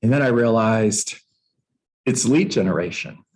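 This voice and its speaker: A man who coaches real estate agents, telling a playful story to a room and jumping up in pitch for emphasis. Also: measured pace, rough recording. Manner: animated, playful, uses props, jumps up in pitch for emphasis; addresses listeners by name. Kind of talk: storytelling motivational talk.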